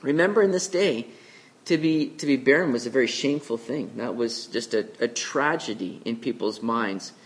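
A man preaching a conversational sermon, who acts out the voices of the people with big jumps in pitch. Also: moderate pace. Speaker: pastor. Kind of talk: expository sermon.

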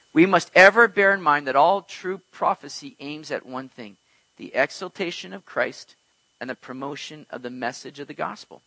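High bright-voiced preacher. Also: male voice, no room sound, low-quality recording. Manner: earnest, emphatic teaching with rhetorical questions. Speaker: pastor. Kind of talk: expository sermon.

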